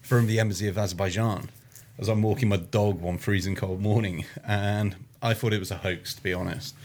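A man's voice: on the low side, steady tone, fairly quick, darkish tone. A man guesting on a casual podcast, telling a story with wry, self-mocking humor. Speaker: podcast guest, adventure trip organizer.

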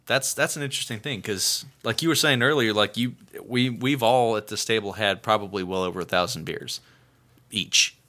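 Bright-voiced man chatting casually. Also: on the low side. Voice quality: bright, quick restarts and repeated words. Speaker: podcast co-host. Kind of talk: casual chat.

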